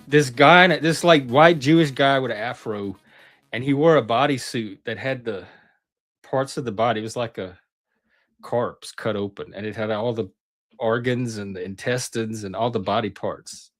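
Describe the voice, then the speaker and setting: A middle-aged man chats loosely about the past, breaking off and restarting his sentences. His voice sits at an ordinary middle pitch, with soft music faintly behind him. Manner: rambling, self-interrupting, chatty. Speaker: channel host. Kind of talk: casual reminiscing monologue.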